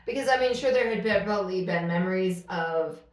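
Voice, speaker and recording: A woman's voice: medium pitch, fairly quick, roomy sound, distant mic. A middle-aged woman co-hosting a podcast, talking in a blunt, earnest way. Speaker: podcast co-host. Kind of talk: casual conversation.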